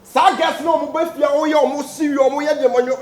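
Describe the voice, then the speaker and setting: A man acting in a comedy skit, talking loudly, teasing and shouting out names. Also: extremely high pitch, steady tone, fairly quick. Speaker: comedy actor. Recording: echoey room with faint background noise.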